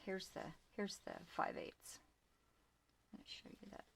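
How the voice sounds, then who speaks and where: A woman's voice: a little slow, background noise. An older woman with grandchildren, chatting casually as she shows off ribbons from her shop, often dropping to a near whisper. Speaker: small shop owner showing ribbons. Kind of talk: casual product show-and-tell.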